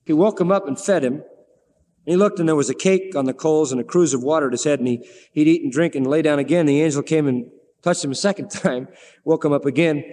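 A man preaching a sermon, telling a scripture story in an animated way and acting out the characters' pleading words. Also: fairly high pitch, quick pace. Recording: long hall reverb.

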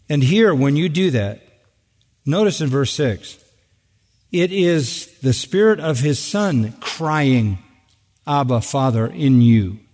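A man's voice: medium pitch, a little mellow. An older man preaching a sermon from the pulpit, emphatic and building to urgent peaks on key phrases. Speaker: pastor. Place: large church. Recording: long reverb of a church sanctuary.

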